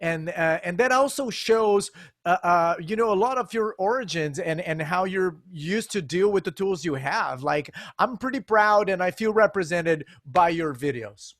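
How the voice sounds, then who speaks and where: A man's voice: high voice, animated, normal speed, a bit bright, dry recording, studio quality. A man hosting a casual interview, talking enthusiastically with many restarts and fillers. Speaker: host.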